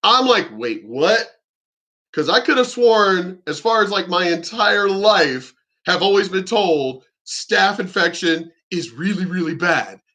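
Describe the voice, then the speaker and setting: A man holds forth in an indignant vlog rant, his voice pitched high and ringing with a sharp, bright edge. He hammers his points, swears freely, and keeps circling back and restarting his sentences. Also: expressive, unhurried. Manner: emphatic, indignant, frequently swearing; repeats himself and restarts sentences. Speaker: vlogger. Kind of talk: ranting monologue to camera.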